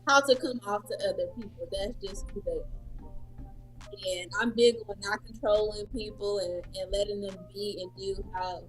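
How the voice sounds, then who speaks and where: A woman's voice: medium pitch, normal speed, faint music behind. Firm female co-host of a sports show. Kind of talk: casual sports debate.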